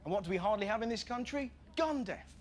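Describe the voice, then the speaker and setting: A man with an English accent doing stand-up comedy, sarcastic and punchy, shouting the punchlines. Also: high-pitched, expressive, fast talker. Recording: TV clip with loud background noise.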